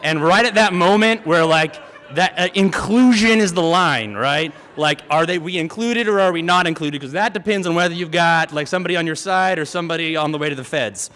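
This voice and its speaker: A man in his thirties telling a true story on stage, chatty and animated, full of filler words, acting out his siblings with sudden shouts. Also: fairly high pitch, fairly quick. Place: theater stage before an audience. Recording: long hall reverb, faint ambience.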